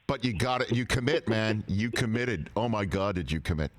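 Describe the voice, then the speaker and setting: A man hosting a sports talk show, asking playful, teasing questions with drawn-out setups. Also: on the low side, animated.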